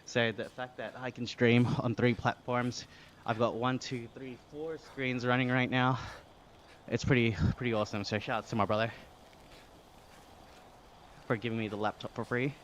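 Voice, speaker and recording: Chill aussie guy on a live stream, chatty and laughing, average pitch, bit of hiss behind. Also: normal speed, pauses often. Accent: Australian. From Australia. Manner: relaxed, chatty, reads chat aloud with frequent laughs. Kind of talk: casual live-stream chat while cycling.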